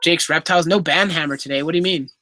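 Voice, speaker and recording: A man's voice: on the high side, fast, pushed and bright, no echo. A man, hosting a casual livestream Q&A, reading chat questions aloud in a chatty, apologetic way. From Canada. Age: 20s. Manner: chatty, apologetic, easily laughing. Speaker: livestream host.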